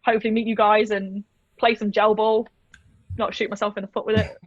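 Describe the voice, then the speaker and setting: A woman's voice: medium pitch, flat delivery, fairly quick, slightly rough, dry recording, lo-fi sound. A woman from the United Kingdom, chatting casually and self-deprecatingly as a guest on a video call. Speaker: guest, airsoft player and vlogger. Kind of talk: casual interview chat.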